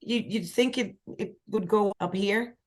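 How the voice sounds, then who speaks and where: A woman from Sweden, a singer-songwriter guest telling lively stories in a casual podcast chat. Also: a little slow. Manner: lively storyteller, acts out quoted voices with big pitch jumps.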